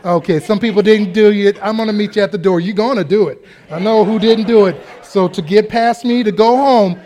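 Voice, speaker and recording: A pastor delivers a lively, joking sermon in a fairly high male voice. He tells a story from the pulpit and acts out the voices of the people in it. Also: fairly quick.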